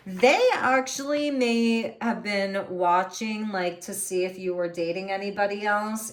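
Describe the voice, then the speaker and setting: Slow, musing woman reading tarot. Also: lowish voice. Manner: musing, unhurried, thinking aloud over cards. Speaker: tarot reader.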